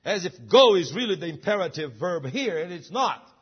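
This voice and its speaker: A man's voice: sits high, very animated, brisk, husky, muffled recording. A man preaching a sermon, emphatic and full of rhetorical questions. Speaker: pastor.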